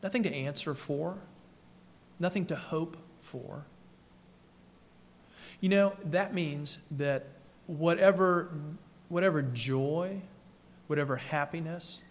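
A man preaching a sermon as pastor, telling the story in a conversational way and acting out the quoted voices. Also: on the high side.

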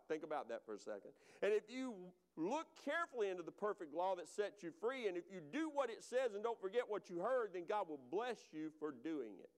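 A pastor preaches a sermon, speaking directly to the congregation and online viewers in a conversational way and repeating phrases for emphasis. His voice sits high and has a clean tone.

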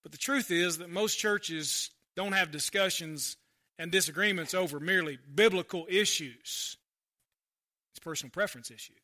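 A man preaching a sermon in a chatty, conversational way, leaning hard on some phrases and dropping low for asides. His voice sits high for a man. It has a very bright, cutting edge. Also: moderate pace. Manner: conversational preaching, swinging between loud emphasis and quiet asides. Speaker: pastor.

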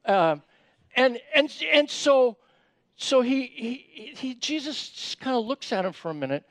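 High-voiced man preaching a casual sermon. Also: sing-song, unhurried, a bit bright, no room sound. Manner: conversational, repeats words when starting sentences, asks the audience questions.

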